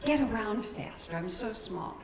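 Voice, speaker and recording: A woman's voice: medium pitch, animated, moderate pace, roomy sound, crowd noise, close to an everyday voice. A woman voicing a small, happy male mouse in a joke, asking cheerfully for roller skates. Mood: eager.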